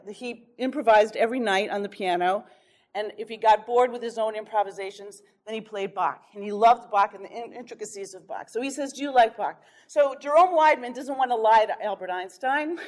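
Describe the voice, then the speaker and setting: Woman, workshop speaker, lively storyteller, slightly high voice. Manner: lively anecdotal storytelling with chuckles. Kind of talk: storytelling lecture.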